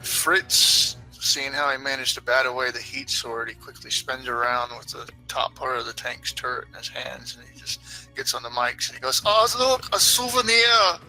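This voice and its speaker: Bright-toned male tabletop player. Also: mid-range voice, little pitch movement, moderate pace, gravelly, soft background music, poor audio. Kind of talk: describing a character's moves in a tabletop game.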